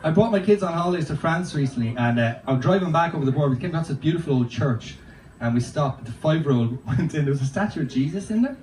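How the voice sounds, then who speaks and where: A man's voice: fairly high pitch, expressive, fast talker. A man performing a stand-up comedy set, telling rambling, sweary anecdotes in a loose, chatty way. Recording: roomy, distant, noisy live recording.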